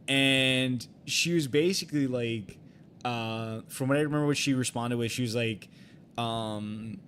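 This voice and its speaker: A young man chatting on a live game stream in a voice of ordinary middle pitch. He rambles through a personal story, circling back and restarting sentences, with plenty of fillers and loose swearing. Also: moderate pace, a bit bright, a little hiss or hum.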